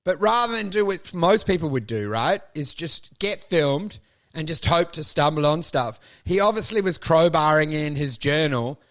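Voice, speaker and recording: A man's voice: fairly high pitch, animated, normal speed, fairly bright tone. A young adult man, co-hosting a casual comedy podcast, riffing crudely and slipping into mocking voices. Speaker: podcast co-host.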